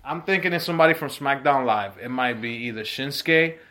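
A man co-hosting a laid-back podcast, chatting eagerly with a friend. He keeps the talk loose and excitable, a few drinks in. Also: medium pitch, brisk, crowd noise. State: drinking shots. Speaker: podcast co-host. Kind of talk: casual chat.

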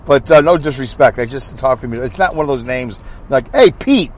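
A man's voice: medium pitch, brisk, a little hiss or hum. A man hosting his own podcast while driving, chatting in a rambling, self-mocking way full of asides. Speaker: podcast host. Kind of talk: rambling solo podcast chat. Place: inside a moving vehicle.

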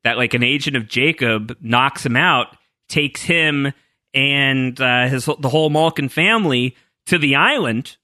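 A man co-hosting a casual TV recap podcast, lively and laughing often, acting out character quotes. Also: mid-range voice, measured pace, no echo, studio quality. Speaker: podcast co-host.

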